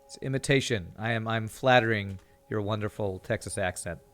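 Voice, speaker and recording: A man's voice: fairly low pitch, brisk, faint music behind. A man from California streaming a game, chatting to viewers in a rambling way and often repeating words while he thinks. He sounds tired after a busy season. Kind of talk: casual gameplay commentary with chat.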